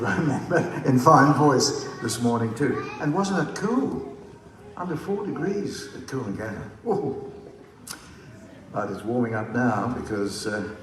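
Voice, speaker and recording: An older man, leading a citizenship ceremony in a jovial, joking way as he calls out country names. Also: mid-range voice. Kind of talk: jovial ceremony speech to an audience. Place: large hall with a crowd. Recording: echoey hall, distant mic, crowd noise.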